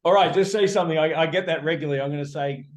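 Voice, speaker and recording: A man's voice: a little high, racing. A man with an Australian accent, an auctioneer chatting cheerfully and joking on a video call. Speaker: auctioneer and fundraising consultant. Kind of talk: casual panel chat.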